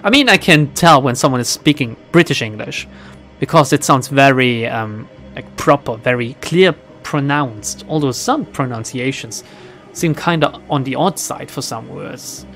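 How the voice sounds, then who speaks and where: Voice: medium pitch, measured pace, fairly bright tone, soft background music. A streamer playing a role-playing game, thinking aloud in casual, self-deprecating commentary. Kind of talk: casual let's-play commentary.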